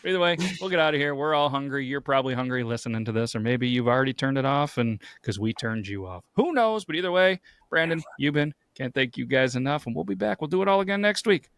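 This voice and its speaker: A man's voice: mid-range voice, expressive, fast, hardly any pauses, a bit bright, smooth, dry recording, clean studio sound. A married man hosting a podcast, telling stories in a blunt, profane, casual way. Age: adult, married. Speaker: podcast host. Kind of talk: casual chat.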